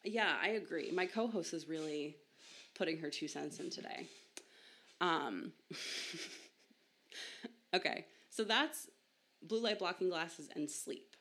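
Podcast host: young woman, low pitch, casual and self-mocking, laughs easily. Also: slow, long pauses, a bit bright. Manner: chatty, self-deprecating, laughs often. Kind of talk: casual science podcast talk.

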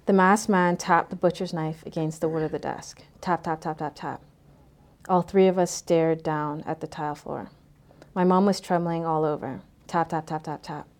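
A woman reading a first-person story in a measured way, letting her phrases fall away softly at the ends. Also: low voice, steady tone. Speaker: narrator.

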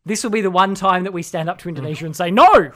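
A man with an Australian accent, co-hosting a casual political chat in a sardonic, animated way. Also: high-pitched, racing. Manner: sardonic, animated, mocking voices of opponents. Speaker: podcast co-host.

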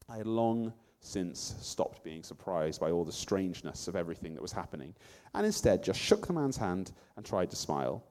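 A man narrating a first-person story in an expressive way. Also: deep voice, normal speed, long reverb tail.

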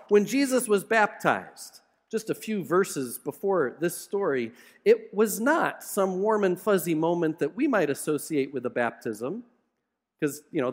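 A male pastor preaching a sermon with animated, dramatic storytelling and humor. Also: sits high, big-room sound.

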